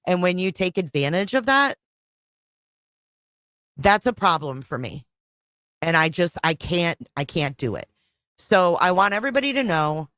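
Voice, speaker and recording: Middle-aged woman, livestream host, exasperated and rambling, low voice, dry close sound. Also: big pitch swings, unhurried, long pauses, a bit bright, no echo. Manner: frustrated, rambling, repeats herself, swears. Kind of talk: casual livestream chat.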